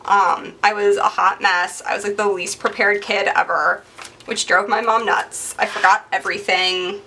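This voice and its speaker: A young woman in her twenties rambling in a loose, chatty way, sprinkling in fillers as she works at her desk. Her voice is bright and a little gravelly. It sits slightly back from the mic. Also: mid-range voice, level tone, normal speed, far from the mic, slight background noise. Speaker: planner vlogger. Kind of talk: casual chatty narration over crafting.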